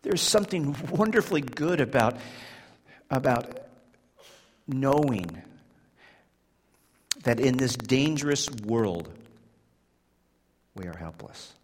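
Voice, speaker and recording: A man preaching a sermon, swinging from hushed, slow passages to loud, high-pitched emphasis and often repeating words as he builds. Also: expressive, a little hiss or hum. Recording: long hall reverb.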